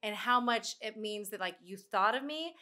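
A woman in her thirties, a sports broadcaster, chatting as a podcast guest and telling lively stories. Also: medium pitch, moderate pace. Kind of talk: casual chat.

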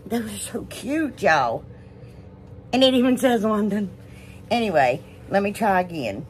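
A chatty woman with a lilt, talking at an ordinary pitch as she hosts a home crafting vlog. She rambles from story to story and gushes over each find. A faint hiss of noise sits under her voice. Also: expressive, a little slow. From United States. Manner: rambling, gushing, says y'all often. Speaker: DIY crafts channel host.

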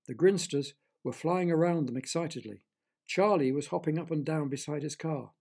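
A man narrating a children's audio story in a gentle, expressive reading manner. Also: fairly high pitch, moderate pace, vocal fry, slightly rough.

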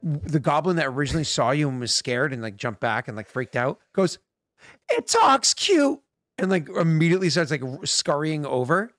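A man's voice: fairly high pitch, a bit bright, dry recording, studio quality, faint music behind. A man running a tabletop game as game master, talking with many fillers, his voice worn out from work. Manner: rambling, halting, lots of fillers.

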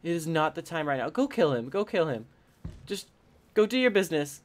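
Let's-play commentary, theatrical host, talks to viewers, middle-pitched voice. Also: brisk. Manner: theatrical and expressive, talking straight to viewers. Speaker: gaming channel host.

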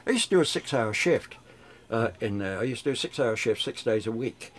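Chatty older radio DJ. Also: male voice, medium pitch, expressive, a little fast, a bit bright. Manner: chatty, rambling, frequent restarts. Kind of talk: reminiscing interview.

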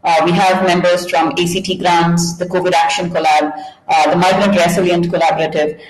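A woman's voice: on the low side, little pitch movement, brisk, reverberant, slight background noise, rough recording. A woman hosting an online event, giving polite closing remarks with fillers. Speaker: host.

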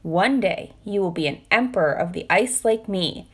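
A woman voicing a proud, gentle father emperor penguin in a storybook reading, speaking low, calm and protective. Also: normal speed, breathy edge.

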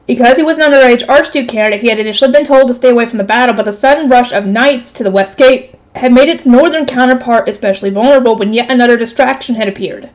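A woman with a high voice reads a light novel aloud for her channel, and the audio quality is poor. She keeps breaking off to react to the story with exclamations, groans and quick remarks.

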